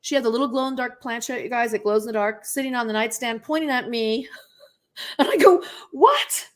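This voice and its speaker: A woman guest on a talk show who tells stories in a casual, animated way and acts out the voices of people she quotes. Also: fairly high pitch, fast. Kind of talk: casual interview storytelling.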